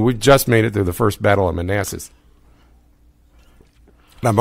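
Gravelly-voiced American man hosting a podcast. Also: fairly low pitch, dry recording. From United States. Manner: chatty, laughs often, trails off into rambling. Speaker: podcast host. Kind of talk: casual podcast chat.

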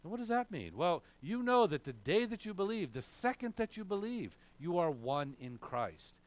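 A man's voice: high-pitched, very animated, normal speed. A male pastor preaching a sermon, emphatic, asking questions and answering them himself. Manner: emphatic, asks and answers his own questions.

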